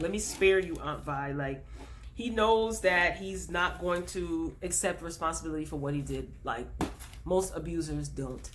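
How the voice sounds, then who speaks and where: Woman vlogger, lowish voice, chatty recap host who speaks directly to viewers. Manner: chatty, retells scenes with many fillers. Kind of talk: casual episode recap.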